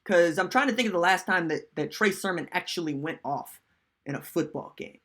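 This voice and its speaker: A man talks through a live-stream sports show with a bright, forward tone. He is animated and loose, chatting casually and reading viewer comments aloud as he goes. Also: high-pitched, brisk. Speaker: podcast host.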